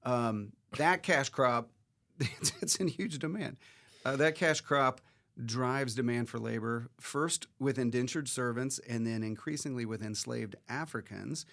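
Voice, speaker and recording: A man with a gravelly voice rambles through a history review, joking as he goes. His voice sits at a plain mid pitch. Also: a little slow, a bit bright. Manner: joking, meandering. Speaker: teacher and podcast co-host. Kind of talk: casual history review chat.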